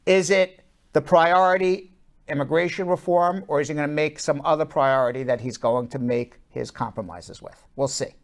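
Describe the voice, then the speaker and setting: Animated male talk show host. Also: fairly high pitch, creaky. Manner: animated, fast bursts with many fillers. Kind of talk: casual political commentary.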